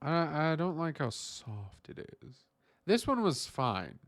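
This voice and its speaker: A man's voice: on the high side, big pitch swings, takes it slowly. A man streaming his game development work, musing aloud to himself in a casual, self-mocking way. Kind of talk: casual livestream talk to himself.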